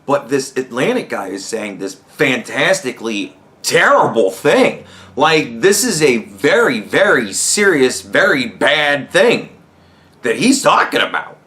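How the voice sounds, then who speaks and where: A young man hosting a podcast, ranting heatedly with constant swearing and rising to shouts. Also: mid-range voice, sing-song, a little slow. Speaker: podcast host. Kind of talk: profane rant commentary.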